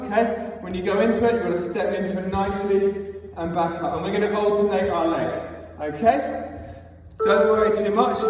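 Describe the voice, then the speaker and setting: A young man, a teacher, leading a children's fitness class, encouraging them and counting out the reps, a little out of breath. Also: sits high. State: slightly out of breath. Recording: echoey hall from far off, faint noise.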